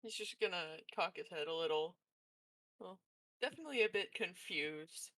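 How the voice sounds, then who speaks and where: A woman narrating her character's actions casually in a roleplay session, soft and hesitant. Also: lowish voice, animated, normal speed, dry recording, rough recording. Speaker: tabletop roleplay player.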